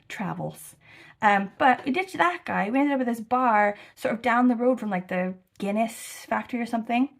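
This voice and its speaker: A young American woman chatting casually to camera about her travels, rambling and animated, with lots of fillers and swearing. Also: fairly high pitch, a little slow, vocal fry. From United States. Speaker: travel vlogger. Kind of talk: casual chat.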